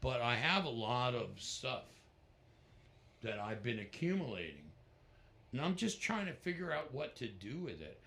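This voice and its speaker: Medium in pitch and normal in speed, the voice belongs to a middle-aged guest musician telling stories in a laid-back interview. He's an animated narrator who impersonates other people's voices.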